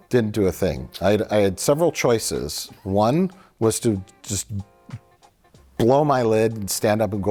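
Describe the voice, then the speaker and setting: A man's voice: lowish voice, animated, a little slow, a little mellow, faint music behind. A man co-hosting a film review show, telling a long annoyed story in casual chat, acting out quotes and swearing freely.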